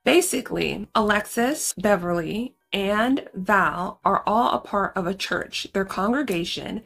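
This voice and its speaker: A woman's voice: medium pitch, measured pace, vocal fry, hardly any pauses, fairly bright tone. Chatty woman recapping a horror movie. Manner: chatty and slangy, talks straight to viewers. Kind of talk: casual spoken movie recap.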